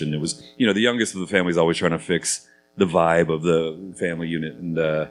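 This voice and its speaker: A middle-aged man, a guest actor on a live convention panel, telling animated stories in a chatty way. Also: very deep voice, fairly quick, slight background noise. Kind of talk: live panel interview, storytelling.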